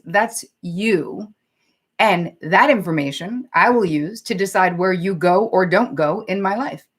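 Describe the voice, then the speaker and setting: A woman therapist talks straight to her live viewers with a slightly low voice. Her manner is candid and conversational, with casual swearing. She stops now and then to read out viewer comments. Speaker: psychotherapist and show host. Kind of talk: live-streamed talk to viewers.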